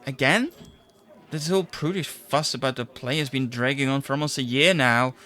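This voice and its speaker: A man's voice: mid-range voice, moderate pace, pushed and bright, close to an everyday voice. A man playing an eager young reporter. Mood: earnest.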